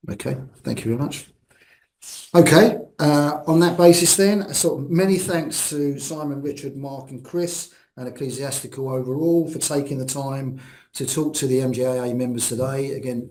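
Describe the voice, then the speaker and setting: A man's voice: medium pitch, a little mellow, low-quality recording. A man moderating a business webinar over a video call, talking with many restarts and fillers.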